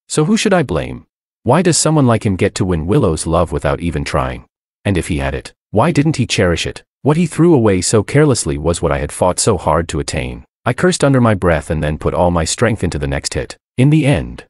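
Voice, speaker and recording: Deep-voiced male story narrator. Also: a little mellow, dry recording, clean studio sound. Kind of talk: first-person story narration.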